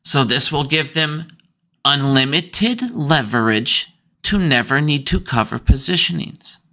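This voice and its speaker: A man's voice: a little high, lively intonation, unhurried, pushed and bright. A man ranting heatedly about banks in a profane finance commentary vlog.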